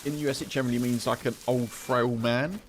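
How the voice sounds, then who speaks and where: A man's voice: mid-range voice, steady tone, fast, a little hiss or hum. A British man chatting casually with viewers on a game livestream, explaining slang. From United Kingdom. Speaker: streamer.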